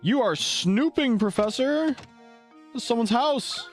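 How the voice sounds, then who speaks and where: Man playing earnest boy apprentice, high, excitable, lively. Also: unhurried, soft background music. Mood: excited.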